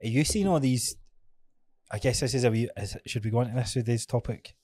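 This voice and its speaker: A man's voice: mid-range voice, fairly quick, a little mellow, breathy edge. A man with a Scottish accent, a fitness coach co-hosting a casual podcast, talking frankly, swearing often and acting out his own stories.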